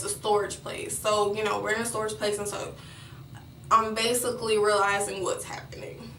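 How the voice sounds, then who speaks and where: A woman's voice: mid-range voice, sharp tone, reverberant, recorded from a distance, slight background noise, poor audio. A young woman vlogger telling a personal story in a rambling way, with many fillers and restarts.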